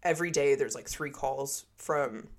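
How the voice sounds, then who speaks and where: A woman's voice: very deep voice, normal speed, darkish tone. A woman podcast co-host in casual chat, reading a scary story aloud with laughs and asides.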